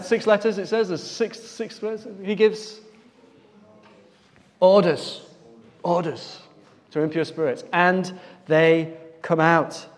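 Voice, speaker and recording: A man preaching an interactive Bible talk in a church, quizzing his listeners to fill in missing words. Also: fairly high pitch. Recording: long reverb of a church hall.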